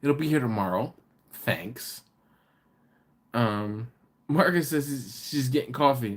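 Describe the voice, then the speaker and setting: Here a male livestream host's slightly high, animated voice carries a casual stream. He reads viewers' comments aloud, joking, teasing and chatting between quick laughs.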